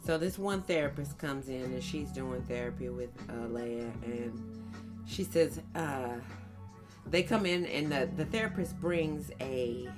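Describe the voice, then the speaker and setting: A woman's voice: unhurried, over music. A woman casually telling funny stories about her young children on a podcast, acting out their lines. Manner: animated storyteller who mimics her children in a high voice. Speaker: podcast co-host, sister. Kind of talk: casual family storytelling.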